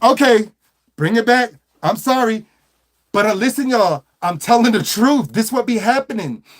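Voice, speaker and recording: A high-pitched man rants with mocking, animated energy. He stumbles into repeated words and laughs at his own jabs. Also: moderate pace. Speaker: online commentator. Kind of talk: mocking commentary rant.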